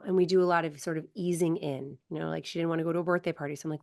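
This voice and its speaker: A woman podcast host and parent, telling personal stories in an animated, chatty way. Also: lowish voice, very fast, hardly any pauses. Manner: animated storyteller, acts out dialogue. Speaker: podcast host, performance coach. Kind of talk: conversational interview.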